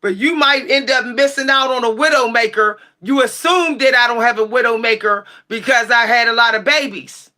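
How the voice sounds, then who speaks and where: A woman with a high, bright voice that has a sharp edge, hosting a tarot livestream and going off at her chat. She's blunt, sassy and profane, talking at a moderate pace with few pauses and rising to shouts when she gets heated.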